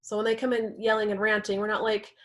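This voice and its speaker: A woman's voice: medium pitch, fast. A woman teaching a talk on communication in relationships, earnest, often acting out quoted partners. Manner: earnest, acts out quoted partners in lively voices. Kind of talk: presentation talk with slides.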